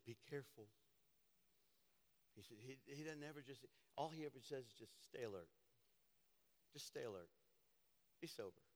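A man preaching a fiery sermon as pastor, swinging from loud declarations to low, intense passages. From Tennessee family roots. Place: church sanctuary. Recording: long reverb of a church hall.

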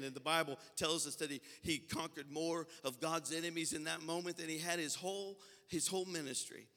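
A man's voice: on the high side, steady tone, a little fast, few pauses. A man, a senior pastor, preaching a Pentecostal sermon with impassioned fervor and a folksy, storytelling way of talking. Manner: impassioned preaching that swells into loud, fervent passages; folksy, conversational storytelling between climaxes. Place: church sanctuary. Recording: long hall reverb from a large sanctuary.

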